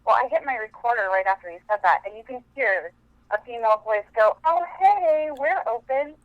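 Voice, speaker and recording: A woman's voice: mid-range voice, quick pace, no room sound. A woman from Montana rambles through her story, heavy on fillers. She calls in on a phone line that sounds dull and lo-fi. The sound is dry. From Montana, USA. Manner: chatty, rambling with many fillers. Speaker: caller.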